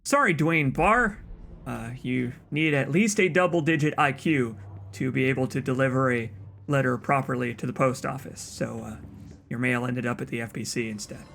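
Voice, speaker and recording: A man's voice: medium pitch, moderate pace, gravelly, fairly bright tone, slight background noise. A man hosting a let's play, giving casual, wry commentary with stammered restarts.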